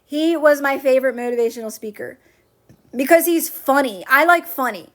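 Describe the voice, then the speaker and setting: A woman's voice: high voice, moderate pace, a bit bright. A woman coaching viewers on a livestream, chatting casually, answering comments and repeating her phrases to reassure. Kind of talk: casual live-stream chat answering comments.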